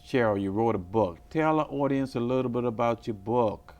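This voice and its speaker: A man's voice: mid-range voice, normal speed, a little mellow. A man hosting a local talk show, asking his guest questions in a friendly way. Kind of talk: casual interview.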